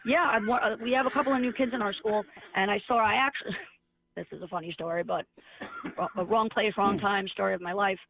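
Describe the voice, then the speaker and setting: A woman's voice: mid-range voice, fairly quick, creaky. A woman who works as a teacher, chatting casually and telling stories with sarcasm, acting out the voices of the people in them. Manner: sarcastic, animated storyteller acting out dialogue. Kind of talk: casual chat. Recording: tinny phone-like line.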